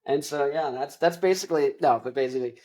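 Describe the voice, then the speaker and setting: A man's voice: fairly high pitch, quick pace, darkish tone, low-quality recording. A young man hosting a podcast and recapping a movie in a casual, rambling way with many restarts. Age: young adult. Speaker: podcast host.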